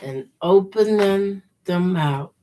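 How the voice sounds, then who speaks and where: Sewing quilt blocks on her livestream, this quilter talks to viewers ("y'all") in an unhurried, easygoing way. The voice is fairly low and mellow, and a little hiss or hum can be heard.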